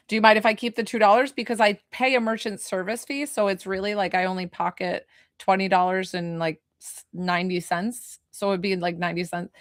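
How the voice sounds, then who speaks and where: A woman's voice: medium pitch, steady tone, a little fast, no echo, studio quality. A woman working as a spiritual medium, giving a chatty, emotional reading on a live stream and laughing often.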